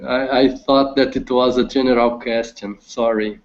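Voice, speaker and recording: A man student reading a text aloud in an English lesson, slowly and hesitantly with many restarts. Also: mid-range voice, steady tone. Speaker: language student. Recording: dull lo-fi call audio.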